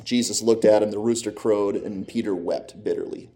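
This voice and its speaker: Man giving a lively Bible teaching. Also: fairly low pitch, normal speed. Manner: animated storytelling with casual fillers.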